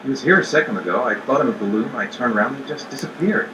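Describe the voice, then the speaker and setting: A man's voice: medium pitch, lively intonation, fast talker, background noise, lightly acted. A man playing a frantic young father, distant and roomy. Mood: calm. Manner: calling out urgently, growing frantic. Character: anxious young father searching a crowded mall for his son. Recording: roomy distant game audio.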